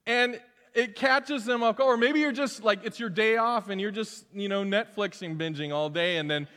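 A middle-aged man delivers a sermon as a pastor in a church sanctuary. His voice sits high and he talks in an animated, conversational way, slipping into quoted voices. The hall gives a long, ringing reverb. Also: moderate pace.

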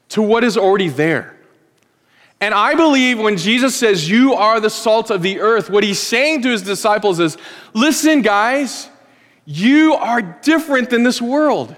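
A man in his forties delivers a sermon from a church sanctuary in a fairly high voice. He talks to the room conversationally, joking and animated. His words ring with a long reverb. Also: measured pace. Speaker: pastor.

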